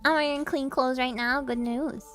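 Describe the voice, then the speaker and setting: A woman's voice: high voice, steady tone, normal speed, a bit bright, soft background music. A young woman streamer, giggly and chatty, reading game dialogue and chatting casually. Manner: giggly and chatty, laughs often.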